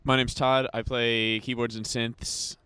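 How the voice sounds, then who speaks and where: A man who plays keyboards in a band, soft-spoken and laid-back as an interview guest. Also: medium pitch, flat delivery, a little slow, smooth. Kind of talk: casual interview.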